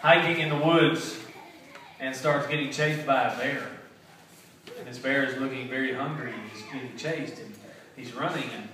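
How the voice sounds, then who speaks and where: A man's voice: medium pitch, normal speed. Eager man telling a party joke. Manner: loud, eager storytelling with restarts. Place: indoor family party. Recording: echoey room from far off, noisy.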